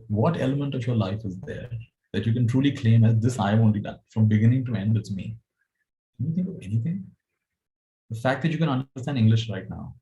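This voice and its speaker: Low gravelly guy, mellow tone, easygoing dharma talk with little chuckles. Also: lo-fi sound. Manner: gentle, chuckling, storytelling. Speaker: spiritual teacher.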